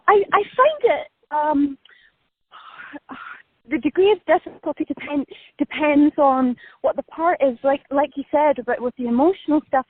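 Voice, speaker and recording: A Scottish actress with a high voice is interviewed casually over a tinny phone line, the recording dry. She's chatty and self-deprecating, laughing often as she walks outdoors.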